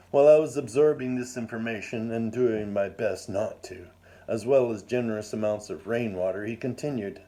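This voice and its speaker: A man reading his own first-person story aloud in a measured, wry and formal manner. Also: on the low side, mellow.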